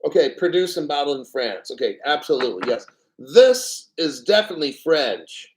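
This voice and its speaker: A man hosting a casual livestream, rambling and profane and clearing his throat often. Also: on the high side, big pitch swings, normal speed, a little hiss or hum, rough recording. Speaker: crypto livestream host.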